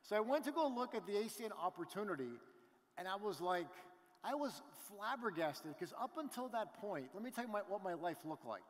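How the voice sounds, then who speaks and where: Motivational stage speaker, man, middle-aged, lively storyteller, hall reverb. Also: high voice. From Canada. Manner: animated storytelling with crowd asides. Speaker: business event speaker. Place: large event hall.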